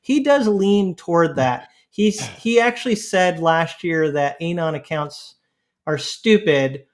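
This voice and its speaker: A man hosting a casual panel podcast, chatty and quick to laugh, reading posts aloud. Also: fairly high pitch, expressive. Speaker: podcast host.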